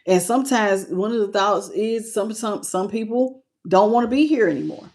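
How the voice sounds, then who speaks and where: A woman's voice: medium pitch, moderate pace, a little mellow. A woman hosting a spiritual tarot channel, talking earnestly and casually to her viewers. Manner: earnest and intimate, with loose casual phrasing. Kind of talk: casual livestream talk to viewers.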